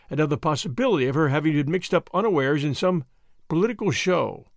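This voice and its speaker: A man reading a novel aloud as a narrator, expressive and animated, on a close mic. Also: a little high, creaky, no room sound. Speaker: audiobook narrator. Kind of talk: scripted narration.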